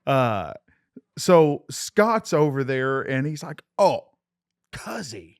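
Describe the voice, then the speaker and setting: A man's voice: mid-range voice, slow, smooth, dry recording. A young man tells road stories in a casual podcast chat, laughing through them. His voice sits in a middle range. The sound is close and dry, with no room in it. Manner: animated, laughs while telling stories. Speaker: musician guest. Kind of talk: casual storytelling.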